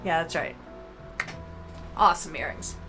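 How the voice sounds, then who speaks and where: Woman, Midwest accent, slow delivery, playful, laughs a lot, streaming a dating game. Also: low voice, lively intonation, over music. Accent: American Midwest. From American Midwest. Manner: playful, laughs often, reads in a slow storytelling way. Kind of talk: reading a dating game aloud with playful commentary.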